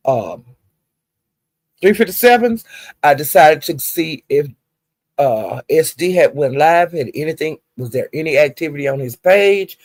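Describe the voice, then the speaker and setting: A woman's voice: low voice, expressive, measured pace, a little mellow, no room sound, clean studio sound. A woman casually recounting gossip, chatty and profane with laughing asides. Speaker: gossip vlogger.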